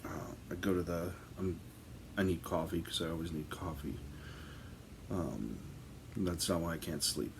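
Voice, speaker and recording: A man with a very low voice tells a personal ghost story in an unhurried, casual way. He rambles, with plenty of ums and false starts. A faint hiss sits under his voice. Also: gravelly. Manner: rambling, filler-heavy, conversational.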